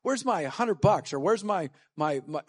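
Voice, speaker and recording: A man putting on a pushy male servant, high and insistent, pressing hard for what he's owed. The delivery is lively and a little raised, like someone cornering a debtor in a retold story. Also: unhurried, breathy edge, exaggerated voice. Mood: demanding. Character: gruff male servant demanding his debt.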